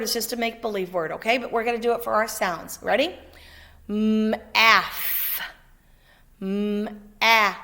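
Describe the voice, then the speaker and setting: A woman teaching a second-grade phonics lesson, sounding out letters slowly and clearly and encouraging her pupil. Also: medium pitch, a bit bright. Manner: slow, patient, over-articulates letter sounds; encouraging, checks in with "okay?".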